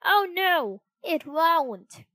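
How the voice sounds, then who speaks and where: A woman's voice: very high voice, big pitch swings, extremely slow, sharp tone, dry recording, pitched above the performer's own voice, full character voice. A woman voicing an impulsive, stubborn wooden puppet boy who speaks in earnest exclamations.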